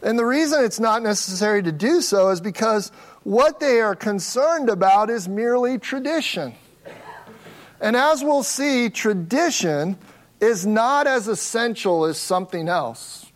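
A man with a notably high-pitched voice delivers an expository sermon. He leans hard on key words, slowing down to stress them. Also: lively intonation. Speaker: pastor.

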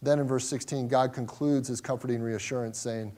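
A man's voice: mid-range voice, fairly even intonation, a little fast, mellow. A man teaching through a scripture passage verse by verse, earnest, often repeating and restarting words. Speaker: Bible teacher.

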